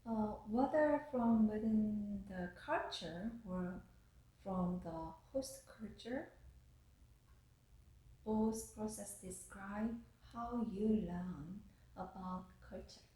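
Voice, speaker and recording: A woman professor delivers a recorded lecture at a slow, careful pace, often stopping to restart a phrase. Her voice is mellow and unhurried. The room around her gives a noticeable echo. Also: medium pitch. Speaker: university professor. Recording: echoey room.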